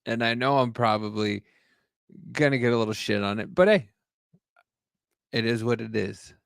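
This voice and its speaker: Man co-host, blunt and casual, raspy fry, dry close sound. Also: medium pitch, moderate pace, no echo. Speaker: podcast co-host. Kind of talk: casual chat.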